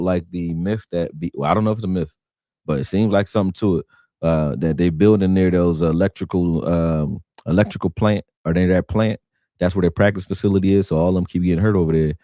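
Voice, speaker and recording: A man hosting a casual sports talk stream from Philadelphia, slangy, animated and rambling. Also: sits low, fast talker, dry recording, studio quality. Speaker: sports talk show host.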